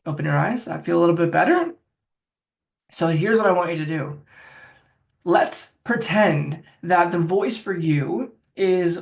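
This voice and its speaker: A man's voice: high-pitched, measured pace, vocal fry. A man working as a phobia coach, talking the listener step by step through a guided self-help exercise. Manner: directive, coaching, talks viewer through steps.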